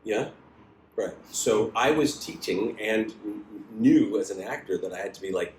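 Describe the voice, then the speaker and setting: A man teaching an acting class in a casual, animated way, swearing freely and acting out the lines he quotes. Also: normal speed, echoey room, slight background noise. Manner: animated, profane, acts out quoted lines with big pitch jumps.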